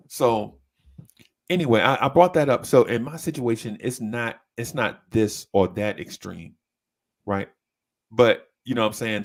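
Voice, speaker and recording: A man telling a story in casual chat, animated and often breaking into high voices to mimic people. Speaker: podcast co-host.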